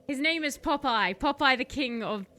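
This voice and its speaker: Woman, streamer, higher pitch, bright, rambling, self-correcting, comic storytelling. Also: animated, moderate pace.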